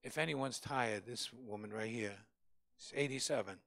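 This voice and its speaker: A man's voice: mid-range voice, moderate pace, creaky, fairly bright tone. A male pastor preaching a Bible study in a fervent, emphatic way, repeating phrases for stress.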